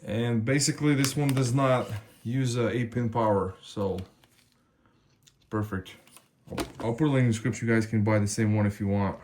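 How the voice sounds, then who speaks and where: A man's voice: mid-range voice, steady tone, moderate pace, a little mellow, slight background noise. A man casually explaining a hardware install step by step, addressing viewers as he works. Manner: explains step by step while working, talks to viewers as guys. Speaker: tech video host. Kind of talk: casual hands-on tutorial.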